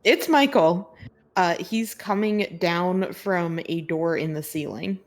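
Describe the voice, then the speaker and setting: A woman narrating as game master of a tabletop game, relaxed, with lots of fillers and laughter between lines. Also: fairly low pitch, takes it slowly.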